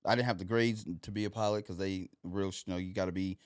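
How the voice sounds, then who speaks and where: A man's voice: low-pitched, steady tone, fast talker, clear, resonant tone, no room sound, clean studio sound. A young man, a podcast guest telling his story loosely, with lots of "like" and "you know". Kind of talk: casual storytelling.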